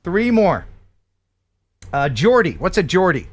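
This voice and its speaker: A man's voice: high voice, takes it slowly. An American man hosting a live-stream quiz, laughing and chatty as he reads out words. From United States. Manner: lively, laughing quizmaster. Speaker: host.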